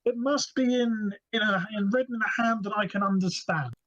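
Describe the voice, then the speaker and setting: A man's voice: sits high, fairly quick, fairly bright tone, pitched above the performer's own voice. A man voicing a pompous bearded male gatekeeper who speaks in grand, formal words. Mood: courteous. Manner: lofty, grand formal speech. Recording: dull lo-fi audio.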